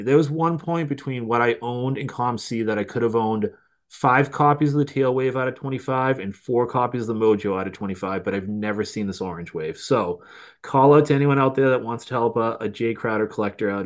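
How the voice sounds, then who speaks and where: A man with a Boston accent, a guest on a podcast, explaining things animatedly in quick bursts. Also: mid-range voice. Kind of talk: casual podcast chat.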